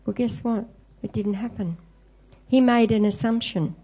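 Mellow-voiced woman preaching a sermon. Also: a little high, unhurried, breathy edge, rough recording. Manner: storytelling, quoting scripture with lifted voice.

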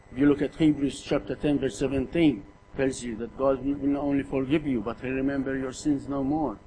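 A man's voice: mid-range voice, mellow, a little hiss or hum, rough recording. A middle-aged man preaching a sermon in an earnest way, often repeating words and putting rhetorical questions to his listeners.

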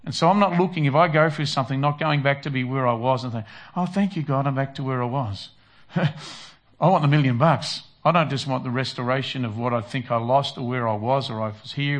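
Man preaching a conversational sermon. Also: mid-range voice. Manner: conversational, acts out quoted prayers and disciples. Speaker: pastor.

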